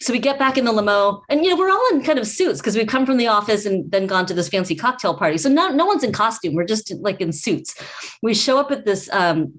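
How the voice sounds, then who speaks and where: A woman's voice: mid-range voice, fairly quick. A woman guest from the food industry, telling a long anecdote in casual chat and acting out what other people said. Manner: lively anecdote teller who acts out others' voices.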